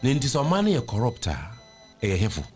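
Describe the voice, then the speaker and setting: A man's voice: mid-range voice, huge pitch swings, a little fast, a little mellow, soft background music. A man with a Ghanaian accent in casual talk show chat, switching between Twi and English.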